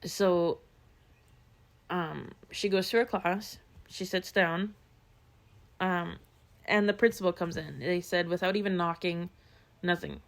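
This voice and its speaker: A woman chats her way through a true-crime story on a podcast, full of fillers and quoted asides. Her voice sits a little low and has a gravelly edge. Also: takes it slowly, pauses often. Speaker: podcast co-host. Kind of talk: casual chat, retelling true-crime stories.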